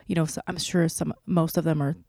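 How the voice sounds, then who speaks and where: A woman's voice: low-pitched, little pitch movement, brisk, gravelly, a little mellow, dry recording, studio quality. A woman co-hosting a podcast in casual chat, heartfelt and chatty with lots of "like". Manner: chatty, heartfelt, many "like" fillers. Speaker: podcast co-host.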